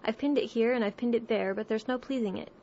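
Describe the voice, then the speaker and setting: Brief: woman reading as a dithering elderly queen, high and fretful, faint hiss. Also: quick pace, dark tone, dull audio, lightly acted. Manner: fretful, sing-song, squeals and wails. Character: flustered, muddled old queen, fussy and whimpering.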